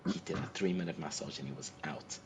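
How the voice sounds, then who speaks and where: A man hosting a livestream, chatting casually and telling an animated anecdote, acting out the people he quotes. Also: very deep voice, fast. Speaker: livestream host. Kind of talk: casual storytelling to a co-host. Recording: noisy livestream audio.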